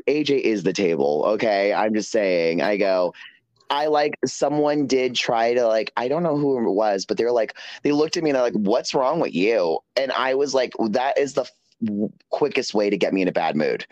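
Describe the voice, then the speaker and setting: A man guesting on an interview show, telling stories in a sassy, animated way with lots of quoted dialogue. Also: fairly low pitch, normal speed, dry recording, muffled recording. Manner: sassy storytelling, animated quoting. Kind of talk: casual chat.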